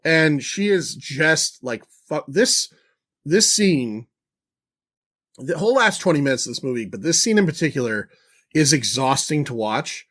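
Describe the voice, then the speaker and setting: Guy rambling on a podcast, swears a lot, lots of restarts, kinda high-ish voice. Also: lively intonation, a little slow, fairly bright tone. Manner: loose, profane, rambling with restarts. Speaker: podcast co-host. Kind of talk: casual chat.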